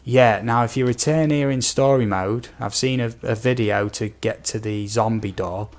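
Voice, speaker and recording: A young British man from the UK, a gaming streamer, chats casually on a live stream in a mid-range, darkish voice at normal speed. He rambles, reading viewer questions aloud with plenty of ums and asides.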